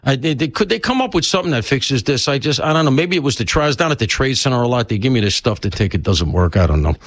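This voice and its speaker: A man's voice: mid-range voice, very animated, fast, no echo. An older man filling in as a talk-radio host, chatting in a rambling, self-mocking way and sounding stuffy from allergies. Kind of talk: casual talk radio monologue.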